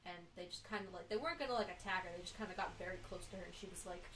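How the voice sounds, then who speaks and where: A woman's voice: on the low side, rapid-fire, fairly bright tone, distant mic, a little hiss or hum. A young woman co-hosting a podcast, telling a story in casual chat with lots of fillers. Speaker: podcast co-host. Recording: roomy, from off the mic.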